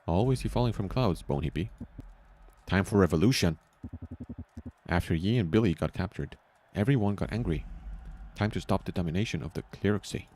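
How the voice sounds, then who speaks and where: Guy putting on a gruff rebel dude, broken english, choppy, low voice. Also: expressive, a little fast, a little mellow. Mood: excited. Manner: choppy broken English, missing small words. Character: blunt male rebel speaking broken English.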